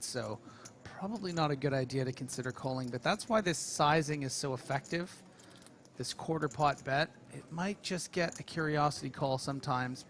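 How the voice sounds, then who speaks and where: A man's voice: mid-range voice, slight background noise. A man commentating a live poker stream, chatty and often laughing.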